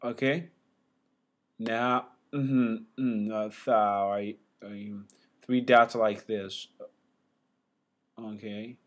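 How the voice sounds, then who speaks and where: A man teaching a casual whiteboard lesson, sounding letters out loud again and again with many fillers and restarts. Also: fairly low pitch, steady tone, drawn-out words, long pauses.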